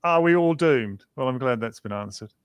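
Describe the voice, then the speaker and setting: A man's voice: mid-range voice, animated, moderate pace, smooth, no room sound, muffled recording. A male guest on a livestream, chatting casually in a self-mocking, joking way.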